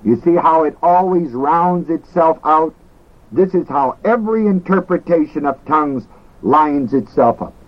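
Slow, deliberate man teaching. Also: on the high side, expressive, highs cut off. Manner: slow, deliberate, repeats key words. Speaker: teacher of ministry. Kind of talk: recorded teaching lecture.

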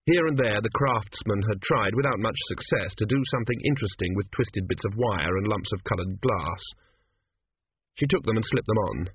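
Male audiobook narrator, wry and expressive, husky; thin dry audio. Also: fairly low pitch, no room sound. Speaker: audiobook reader. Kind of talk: scripted narration. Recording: dry, tinny phone-like sound.

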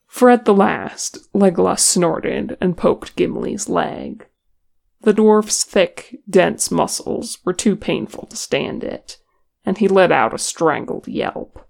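A reader narrating a chapter of fan fiction in an unhurried, even way. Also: medium pitch, creaky. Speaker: audiobook reader.

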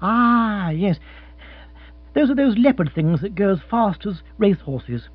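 A man voicing an excitable young male aristocrat who talks in a breezy, flustered, exclamatory way. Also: sits high, unhurried, dry recording, voice pushed up. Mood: chirpy. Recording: tinny phone-like sound with mains hum.

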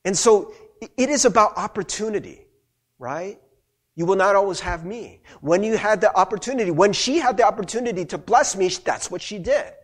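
A man's voice: sits high, lively intonation, a little fast. A male pastor giving a conversational sermon who keeps asking "right?" to check in with his listeners.

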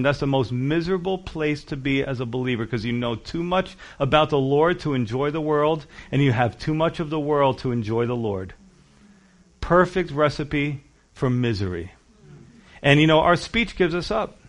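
A middle-aged pastor delivers a lively sermon. His voice sits a little high for a man, and he acts out the people in his stories, dropping low and quiet, then jumping up loud. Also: normal speed. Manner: animated storytelling with acted-out voices and big swings in loudness.

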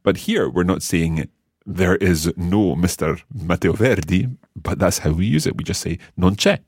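A man's voice: deep voice, moderate pace, darkish tone, slightly rough, dry recording. A man teaching a language lesson, patiently explaining step by step and quizzing the learner.

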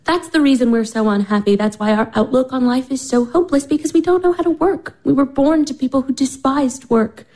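A wistful, disillusioned young woman of twenty. She speaks softly in a mellow, fairly high voice. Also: brisk, few pauses. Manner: soft, wistful.

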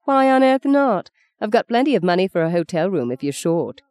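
A reader voicing Justine, a cool, self-possessed young woman with a crisp, dry, teasing manner. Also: mid-range voice, very animated, fairly quick, darkish tone, pitched above the performer's own voice, lightly acted. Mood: brisk.

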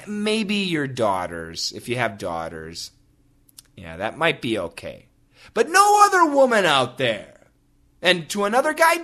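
A man's voice: fairly high pitch, bright, forceful tone. A middle-aged man hosting a casual English-teaching podcast, joking around playfully and putting on silly voices to explain words. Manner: playful, jokey, slips into silly put-on voices.

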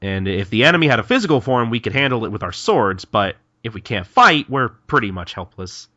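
A man with a low voice and a bright, forceful tone, chatting through a plot recap and throwing himself into the characters' lines. The sound is dull and lo-fi, and the booth is dry and close. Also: sing-song, a little fast, dry recording. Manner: retells plot scenes, acting out quoted lines. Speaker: podcast co-host. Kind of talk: casual chapter recap chat.

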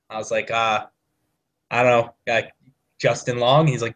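A man's voice: medium pitch, brisk, fairly bright tone. A young man co-hosting a podcast, swearing freely, laughing often and telling rambling stories in casual chat. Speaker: podcast co-host.

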